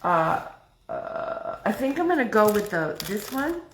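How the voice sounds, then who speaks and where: A chatty woman talks through her crafting on a live stream, excitable and thinking out loud. She speaks slowly, at an unhurried pace, and her voice sits in a medium pitch. A steady noise runs under the recording. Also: roomy sound. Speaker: craft livestream host. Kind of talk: casual live craft demo.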